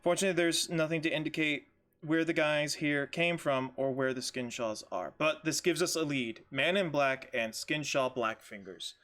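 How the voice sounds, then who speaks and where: A man's voice: on the high side, moderate pace, a bit bright. A man playing a tabletop game over voice chat, joking and laughing, and reading notes aloud to the party. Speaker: player.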